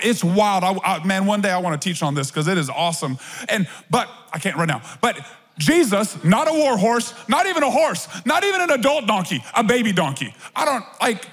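A man preaching a sermon to his church, animated and conversational, with casual asides to the congregation. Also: sits high, slightly rough. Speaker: pastor. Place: church auditorium. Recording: long reverb of a large hall.

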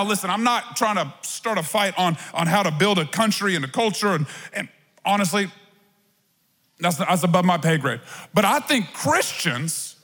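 A man preaching a sermon to his church, animated and conversational, with casual asides to the congregation. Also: high voice, breathy edge. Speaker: pastor. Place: church auditorium. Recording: long reverb of a large hall.

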